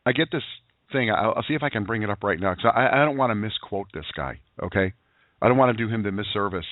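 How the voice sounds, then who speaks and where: A man's voice: medium pitch, no room sound. A man hosts an internet call-in show, speaking energetically and preachily and firing off rhetorical questions. His mid-range voice comes through a narrow, phone-like line. The sound is dry and close. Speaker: host of a daily internet radio show. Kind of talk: motivational call-in show talk.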